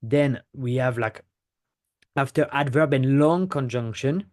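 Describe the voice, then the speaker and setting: A man's voice: mid-range voice, measured pace, darkish tone. Man, French accent, native French speaker, language teacher, patient step-by-step explanations, frequent check-ins. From France. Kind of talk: pronunciation lesson to camera.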